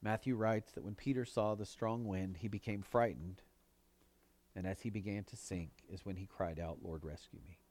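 Delivering a sermon at normal speed, this male pastor has a darkish tone and an earnest style. Emphasis sends his voice upward, while quoted words sink low.

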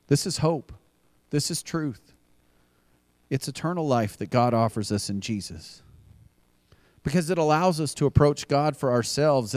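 A man's voice: medium pitch, a little mellow, dry recording. A man preaching a sermon as pastor, earnest and building to emphatic repeated refrains. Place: church.

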